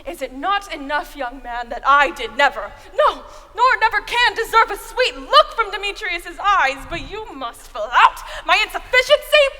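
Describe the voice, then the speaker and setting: An actress playing a desperate, lovesick young woman, pleading in a breathy, tearful, theatrical delivery in Shakespearean verse. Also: very high-pitched, lively intonation, moderate pace, hardly any pauses, pushed and bright, full character voice. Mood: indignant. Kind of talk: Shakespeare stage acting. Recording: long hall reverb.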